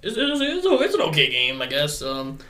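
A man's voice: a little high, huge pitch swings, normal speed, a crowd in the background. A man co-hosting a podcast in casual chat, rambling with many fillers and restarts. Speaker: podcast co-host.

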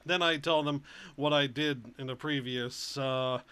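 Wry man with a bright voice. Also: medium pitch, fairly even intonation, measured pace, clean tone. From Rhode Island. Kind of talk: casual chat.

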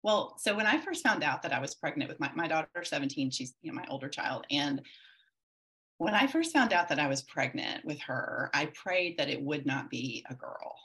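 Low-voiced woman telling her story. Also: lively intonation, normal speed, pushed and bright. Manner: earnest, reflective, many likes and restarts. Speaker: podcast guest. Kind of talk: candid interview storytelling.

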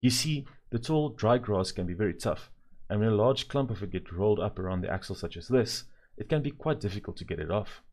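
A man voicing a polite, capable boy who explains things calmly. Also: on the low side, a little fast.

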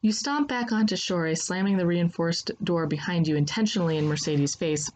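A woman giving scripted second-person story narration in an even, steady manner. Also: lowish voice, fairly quick, a little hiss or hum.

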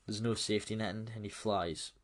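A man's voice: on the low side, fairly even intonation, a little fast. A man giving a loose, chatty film recap, laughing and swearing as he goes. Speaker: film reviewer.

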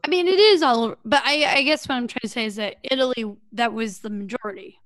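A woman's voice: a little high, fast talker, a bit bright, no room sound. Rambling woman co-host, dry sound. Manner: rambling, lots of fillers, jokey voices for quoted people. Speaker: podcast co-host. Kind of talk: casual podcast chat.

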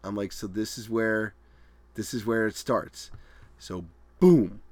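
A man's voice: fairly low pitch, slow, no room sound. A middle-aged man telling a race story in casual, profane chat, acting out what people said. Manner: animated, profane storytelling with acted-out quotes.

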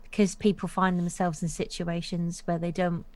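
A woman's voice: fairly low pitch, little pitch movement, normal speed, a little mellow. A middle-aged woman co-hosting a casual chat, plain-spoken and agreeable.

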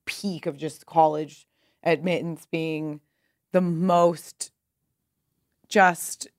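A woman's voice: deep voice, little pitch movement, drawn-out words. A woman in her thirties from California, a guest telling stories in a casual, rambling way with lots of "like" and casual swearing. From Pasadena, California. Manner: chatty, rambling, heavy use of "like", swears casually. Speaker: guest, clothing brand founder. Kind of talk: casual interview storytelling.

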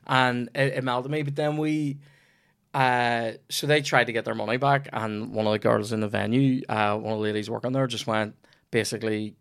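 A man's voice: medium pitch, fairly even intonation, normal speed, a bit bright, clear, resonant tone, no echo, clean studio sound. A young man with a Northern Irish accent, a comedian hosting a podcast, telling stories in casual chat and swearing freely. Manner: rambling storyteller, swears freely.

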